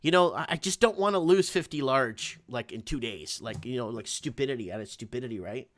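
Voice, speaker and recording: A man's voice: mid-range voice, lively intonation, fairly quick, a bit bright. A man hosting a casual chat, talking in a rambling, loose, slangy way. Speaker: host.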